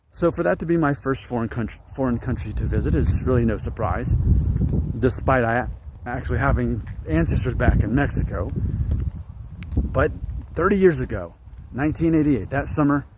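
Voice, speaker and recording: A man's voice: medium pitch, a little mellow, a little hiss or hum. Rambling man musing on camera. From northern Alabama, United States. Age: late 30s. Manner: musing, repeats himself, trails off. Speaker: vlogger. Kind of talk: casual monologue to camera.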